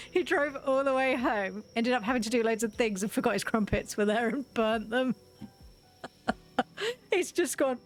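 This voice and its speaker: Woman, game streamer, chatty, giggly, slightly high voice, faint game music. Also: measured pace. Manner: chatty, giggly, playfully dramatic. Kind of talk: live gameplay commentary.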